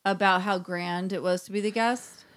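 A woman's voice: mid-range voice, steady tone, normal speed, a bit bright. A woman in her forties co-hosting a podcast, chatting casually in a rambling way, full of "like" and the odd swear word. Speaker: podcast co-host. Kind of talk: casual chat.

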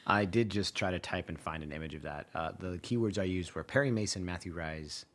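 A man's voice: deep voice, brisk. A man co-hosting a casual podcast chat over a video call, making playful joking asides. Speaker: podcast co-host.

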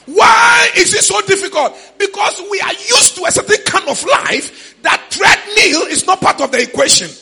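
A man with a Ghanaian accent preaching a sermon in church, shouting in a sing-song way with sudden high cries. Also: expressive, moderate pace, gravelly, few pauses. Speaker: pastor.

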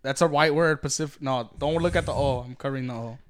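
A man's voice: mid-range voice, fast talker. A young man hosting a casual joking chat, teasing and swearing, laughing often. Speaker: host.

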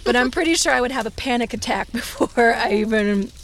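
A woman's voice: on the high side, a little fast, a crowd in the background. A woman guest from a theater company, chatting casually, chatty and self-deprecating. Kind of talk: casual chat.

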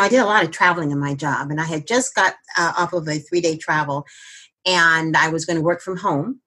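A husky, slightly breathy older woman recounts her own story as an interview guest. She rambles, restarts and fills pauses with ums and "you know". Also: on the low side, pushed and bright, rough recording. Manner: rambling, with many fillers and restarts. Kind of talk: personal storytelling.

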